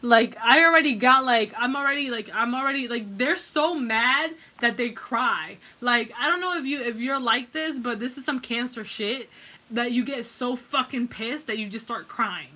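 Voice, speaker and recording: Her voice fairly high, pushed and bright at a normal pace, a woman delivers an informal pick-a-card tarot reading straight to the viewer. She's blunt and swears a lot, wandering along with fillers and false starts.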